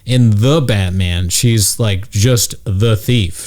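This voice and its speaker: A man's voice: lowish voice, wildly swooping pitch, slow pace. A man hosting a podcast, casually chatting and teasing his guest. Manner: teasing, needling. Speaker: podcast host.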